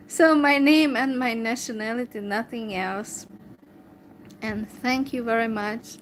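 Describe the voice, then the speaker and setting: A Hungarian woman talking to camera in English with a Hungarian accent, replying to a viewer slowly and hesitantly, with many fillers. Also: on the high side, slight background noise, poor audio. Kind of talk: casual talk to camera.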